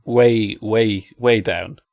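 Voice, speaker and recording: A man co-hosting a comedy podcast, wry and quick to laugh. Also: fairly low pitch, steady tone, creaky, a little mellow. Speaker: podcast co-host. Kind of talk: casual banter.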